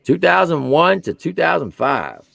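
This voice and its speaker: A gravelly man in his forties spins a profane war story with wildly lively pitch. He drops into low asides, then bursts out loud on the punchlines. His voice sounds close and dry, with no room around it. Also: a little slow, dry recording. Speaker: army veteran guest.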